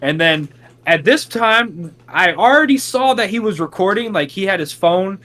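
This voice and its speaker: A young man on a casual podcast, telling a long story and acting out the quotes with big jumps in his voice. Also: normal speed. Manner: animated, acts out quotes with big pitch jumps. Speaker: podcast co-host.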